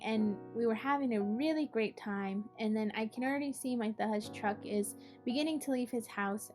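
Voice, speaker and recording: A woman's voice: fairly high pitch, darkish tone. A young adult woman hosting an art session, telling a personal story in a casual way with many "like"s and "you know"s. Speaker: art project host and storyteller.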